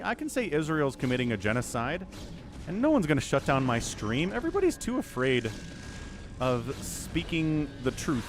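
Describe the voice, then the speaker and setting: A man's voice: mid-range voice, noisy background. A man streaming casual game commentary, sarcastic and rambling as he talks to his chat. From United States. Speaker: esports caster and streamer.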